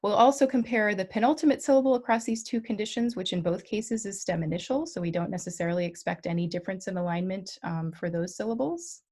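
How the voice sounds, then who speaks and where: A woman's voice: medium pitch, fast talker, hardly any pauses, a little mellow. A woman giving an academic linguistics talk online, explaining slides carefully with frequent ums and self-corrections. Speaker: guest lecturer.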